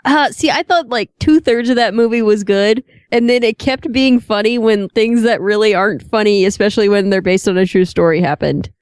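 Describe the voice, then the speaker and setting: A woman co-hosting a podcast, her pitch in the middle range for a woman. She speaks in a wry, offhand way. The sound is dry, with no room echo. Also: normal speed, hardly any pauses, a little mellow, clear, resonant tone. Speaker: podcast co-host. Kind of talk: casual podcast chat.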